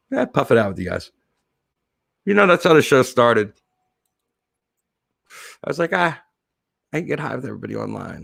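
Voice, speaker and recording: A man's voice: fairly low pitch, vocal fry, a bit bright, dry recording. A man signs off his casual livestream show from home, his voice swinging up and down as he rambles through thanks and plans. He sounds choked up and teary, and his talk is full of fillers and restarts. The sound is close and dry, with no room around it. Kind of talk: casual livestream sign-off chat.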